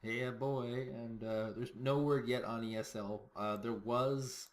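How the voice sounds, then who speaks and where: A man co-commentating a strategy game match in a relaxed, joking way. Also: mid-range voice, takes it slowly. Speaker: game caster. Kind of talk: esports commentary.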